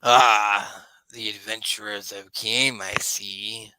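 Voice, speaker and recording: A man's voice: fairly low pitch, steady tone, slow pace, pushed and bright, clean tone, no echo, pitched below the performer's own voice, exaggerated voice, low-quality recording. A man voicing an evil old wizard villain with a long gray beard, pompous and prone to hysterical shrieks. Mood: menacing.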